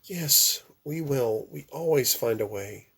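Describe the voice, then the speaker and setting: A man's voice: medium pitch, expressive, slow, vocal fry, a bit bright, husky, heavily acted. A man reading aloud and voicing a tender young woman who urgently soothes her partner after a nightmare. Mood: soothing.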